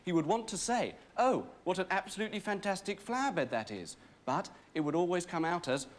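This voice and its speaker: A man's voice: high-pitched, expressive, brisk. A man narrating a comic sketch in a mock-serious tone. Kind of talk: scripted narration.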